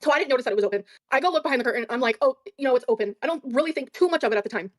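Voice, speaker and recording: Rapid-fire profane woman storyteller. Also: high-pitched, expressive, no room sound. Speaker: guest on a stream. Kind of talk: casual storytelling in a stream clip.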